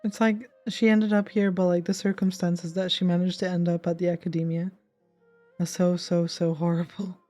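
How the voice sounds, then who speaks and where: A woman's voice: on the low side, level tone, moderate pace, warm tone, faint music behind. A woman in her twenties casually and emotionally reacting to a game as a streamer, chatty and stumbling over names.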